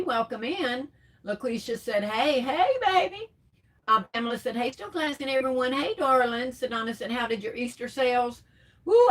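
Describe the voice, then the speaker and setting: Chatty woman greeting viewers. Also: on the high side. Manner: warm terms of endearment, chatty, laughs often. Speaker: livestream crafts host. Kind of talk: casual live chat, reading comments.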